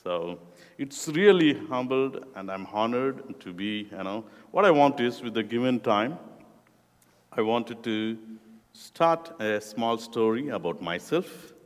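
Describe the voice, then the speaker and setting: In an echoey church room full of long reverb, a middle-aged Indian man delivers a sermon to young people. He is a guest preacher and youth ministry director, with an expressive, medium-pitched voice and slow, deliberate, non-native phrasing.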